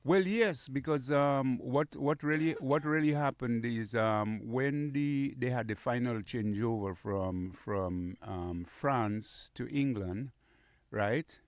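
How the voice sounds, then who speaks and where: A man talks through dialect phrases on a radio show, repeating each one patiently. His voice sits at a middle pitch. The sound is dry and close, with no room echo. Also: takes it slowly. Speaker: guest teaching Kokoy dialect. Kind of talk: casual radio language lesson. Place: radio studio.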